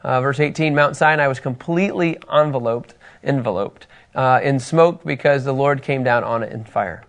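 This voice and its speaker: Gravelly-voiced man teaching a Bible lesson. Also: medium pitch, moderate pace. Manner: animated, reads scripture aloud and asks class questions.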